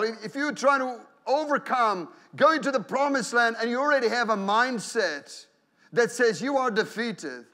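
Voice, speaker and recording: With an animated style, this male pastor gives a church sermon full of acted-out prayers and inner voices, regularly repeating and restarting phrases. His voice sits high.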